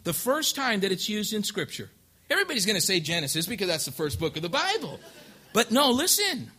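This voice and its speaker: A male pastor preaching a lively sermon, acting out the couples he counsels and rising to loud emphasis. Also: high voice, fairly quick, slightly rough.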